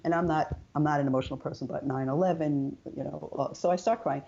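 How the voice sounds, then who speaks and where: An older woman, a guest in an interview, telling her personal story in a chatty, animated way and acting out quoted dialogue. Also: deep voice, fast talker, creaky, dull audio.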